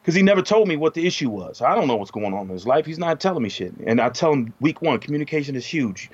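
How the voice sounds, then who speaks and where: A middle-aged man telling a story in casual podcast chat, profane and animated, his voice jumping up when he gets heated. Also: fairly high pitch, quick pace, husky, highs cut off. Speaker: podcast co-host.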